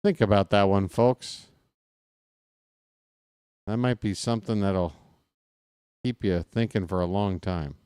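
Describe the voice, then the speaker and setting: Deep smooth-voiced man doing rambling baseball commentary. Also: fairly even intonation, slow pace, long pauses, darkish tone, dry recording, studio quality. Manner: rambling, jokey, talks to chat viewers. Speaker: play-by-play streamer. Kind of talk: casual baseball commentary with chat.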